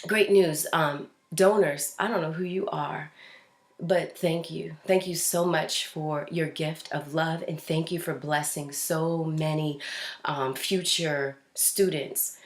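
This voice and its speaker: A woman hosting a casual news commentary show, speaking in a fairly low voice. She talks in a chatty, loose way, with fillers and restarts. Her voice rings in an echoey room. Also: fairly even intonation, takes it slowly. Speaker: host.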